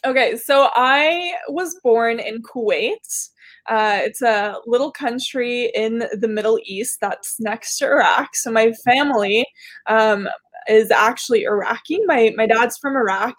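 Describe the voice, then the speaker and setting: A bubbly young woman with a light Canadian accent, Arabic her mother tongue, talking as a guest over a video call. Her voice sits a little high and sounds close and dry, with frequent laughs and casual fillers. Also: unhurried, no echo. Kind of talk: casual interview chat.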